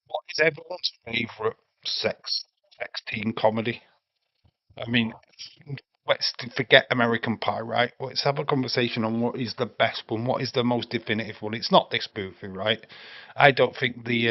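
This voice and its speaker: A man's voice: mid-range voice, steady tone, moderate pace, no echo, dull audio. An English man hosting a casual movie watch-along stream, chatting with viewers and swearing freely. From England. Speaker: livestream host.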